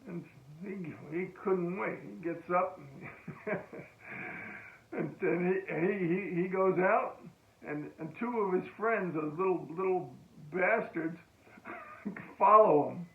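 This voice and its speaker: An older American man, a veteran, recounting a story in a halting oral-history style with frequent restarts and chuckles. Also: sits high. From United States. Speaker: veteran telling a war story. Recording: tinny phone-like echoey room.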